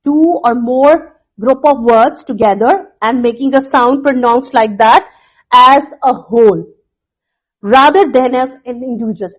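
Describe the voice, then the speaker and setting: A woman teacher explaining phonics to students in a recorded lesson, repeating points slowly with fillers. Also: high voice, highs cut off. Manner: slow, repetitive explaining with fillers.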